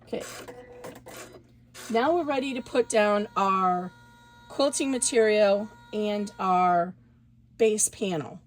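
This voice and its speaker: A woman's voice: medium pitch, takes it slowly, pauses often, a little hiss or hum. A woman giving a casual, chatty sewing tutorial, talking through each step as she works and correcting herself along the way. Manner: chatty, self-correcting, talks while working. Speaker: embroidery instructor.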